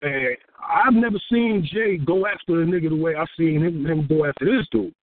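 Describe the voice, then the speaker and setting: A man from Houston, a rapper, telling a story in a casual interview, profane and animated, acting out what people said. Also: fairly high pitch, moderate pace. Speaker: rapper and guest. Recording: tinny phone-like dry sound.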